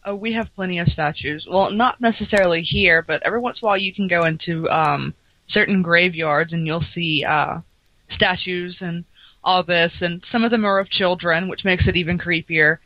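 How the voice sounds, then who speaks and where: Low-voiced woman, lo-fi mic. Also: moderate pace, dry recording. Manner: relaxed, hesitant with fillers. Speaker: podcast co-host. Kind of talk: casual chat. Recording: dull dry lo-fi mic.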